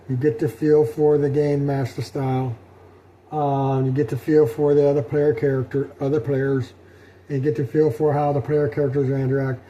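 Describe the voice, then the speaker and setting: A middle-aged man talking through his solo tabletop role-playing session in a rambling, halting way, with many fillers and restarts. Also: medium pitch, warm tone, dull audio. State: sleepy, yawning. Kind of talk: rambling casual talk.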